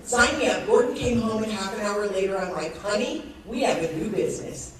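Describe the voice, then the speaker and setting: A woman in her sixties telling a lively story on stage and acting out the people in it, laughing often. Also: mid-range voice, a little fast. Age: 60s. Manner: animated storytelling, acts out quoted voices, laughs often. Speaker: network marketing speaker. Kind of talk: motivational talk on stage. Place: large event hall with audience. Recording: echoey hall, distant mic, crowd noise.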